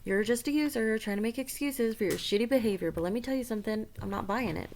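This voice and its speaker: A woman's voice: a little high, fast talker, a little mellow, a little hiss or hum, close to an everyday voice. Woman reading out Thugbot, a sneering chatbot. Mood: contemptuous. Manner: sneering, scornful, repetitive put-downs. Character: hostile swaggering chatbot, contemptuous toward users.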